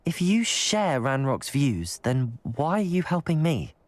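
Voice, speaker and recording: A man's voice: fairly high pitch, very animated, unhurried, no room sound. An actor playing an earnest, polite young male student wizard in a video game. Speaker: player character. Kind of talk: voiced game dialogue.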